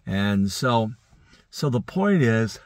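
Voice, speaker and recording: A man's voice: fairly low pitch, very animated, slow, no room sound. A man preaching an early-morning Bible teaching, earnest and rambling, often correcting himself, sleepy and yawning. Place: indoors.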